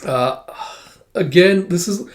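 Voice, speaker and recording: A man's voice: sits high, takes it slowly. A man giving casual commentary, rambling and full of fillers and restarts. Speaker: comic reader and commentator.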